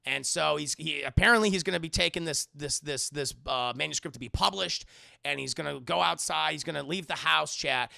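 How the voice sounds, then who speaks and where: A man's voice: on the high side, fairly quick, creaky, pushed and bright, no echo, clean studio sound. A man casually recapping a film's plot as a reviewer, rambling and crude, laughing often. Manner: rambling, crude, laughs a lot, acts out lines. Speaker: movie reviewer.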